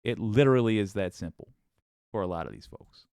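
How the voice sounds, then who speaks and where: A man's voice: on the low side, fairly quick, gravelly, a little mellow, no room sound, studio quality. A man hosting a live-streamed political commentary show, talking casually in rambling, self-interrupting asides. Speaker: show host.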